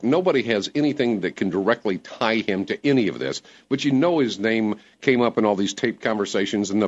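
Talk radio guy, lowish voice jumping all over, emphatic, kinda muffled radio sound. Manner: animated, emphatic, laughs easily. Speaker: radio talk show host. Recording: dull lo-fi radio broadcast.

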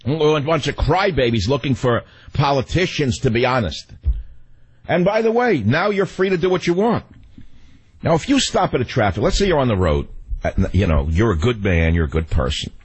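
A man's voice: big pitch swings, moderate pace, slightly rough, rough recording. A man hosting a radio talk show, delivering a sarcastic, ranting monologue. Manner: sarcastic, ranting, sweeping pitch swings.

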